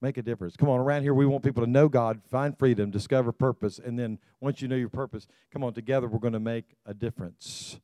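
A man's voice: mid-range voice, steady tone, fast, few pauses, dark tone, no room sound. An older man preaching a sermon as a pastor, exhorting the congregation, repeating calls to them and often stumbling and restarting his phrases.

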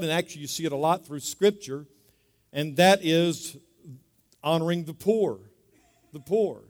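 A man preaching a sermon as pastor, talking in a conversational way, repeating words and asking the congregation to say them back. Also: fairly high pitch. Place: church sanctuary. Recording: long reverb of a large hall.

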